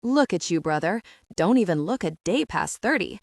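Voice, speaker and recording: Woman doing a gruff Southern tattoo artist. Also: on the low side, sing-song, normal speed, a little mellow, no room sound, studio quality. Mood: friendly. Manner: mumbling, gruff.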